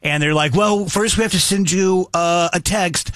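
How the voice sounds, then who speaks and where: Animated man telling a story, slightly high voice. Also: moderate pace, no echo, clean studio sound. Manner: animated, acts out both sides of a phone call. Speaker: radio show host. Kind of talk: casual storytelling chat.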